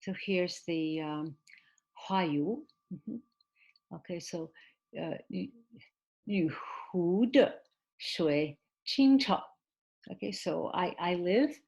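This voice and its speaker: A woman teaching an online English class, explaining slowly and patiently with many pauses and fillers, and giving Mandarin glosses for her students. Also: lowish voice, a little mellow. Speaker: ESL teacher.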